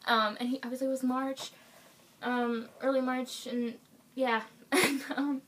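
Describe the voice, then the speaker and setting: A young woman telling a story to the camera at home, excited and gushing, with lots of fillers. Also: high voice, measured pace, slight background noise. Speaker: vlogger.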